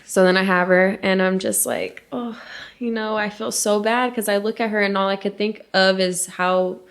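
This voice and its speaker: A young woman co-hosting a podcast, telling a painful personal story in a halting, emotional way that drops to a hush at hard moments. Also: mid-range voice, clean tone. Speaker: podcast co-host.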